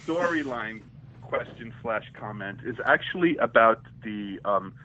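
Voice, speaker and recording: A man's voice: medium pitch, animated, unhurried, sharp tone. A man from New York calling in to a live show, chatty and enthusiastic as he makes a comment. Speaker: caller. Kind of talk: casual call-in comment. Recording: dull lo-fi phone call.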